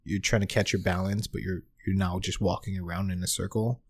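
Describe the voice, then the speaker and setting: A man's voice: sits low, level tone, a little fast, husky, dry recording, clean studio sound. A young man sheepishly recounting his own drunken mishap on a podcast, laughing at himself. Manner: sheepish, self-mocking, laughing. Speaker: podcast co-host. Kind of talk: casual storytelling chat.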